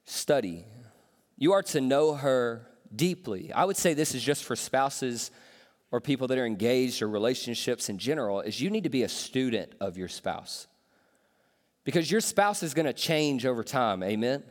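A man's voice: mid-range voice, animated, moderate pace. A man in his thirties, a pastor preaching a sermon in a casual, joking, conversational way with some slang. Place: church auditorium. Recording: reverberant hall.

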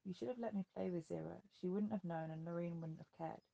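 A reader voicing a soft-spoken, curious young woman. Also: on the low side, fast, creaky, highs cut off. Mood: gentle. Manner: soft, questioning. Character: curious, gentle young woman, calm and unafraid.

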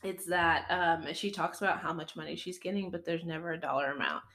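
A woman's voice: lowish voice, fairly quick, fairly bright tone. A woman co-hosting a book podcast, chatting casually, swearing now and then and acting out characters. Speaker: podcast co-host.

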